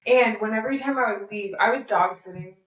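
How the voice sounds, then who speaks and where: A woman co-hosting a podcast, telling stories in a casual, animated way. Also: medium pitch, fairly quick. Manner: chatty, animated storyteller with frequent laughs. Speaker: podcast co-host. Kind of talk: casual chat. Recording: roomy, distant mic.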